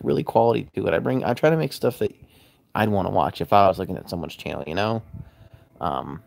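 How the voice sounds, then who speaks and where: Recorded on a phone, a yawning, sleepy man streams live from his home loft, rambling casually and replying to viewers. His voice sits on the low side and is gravelly, with a little hiss or hum in the audio.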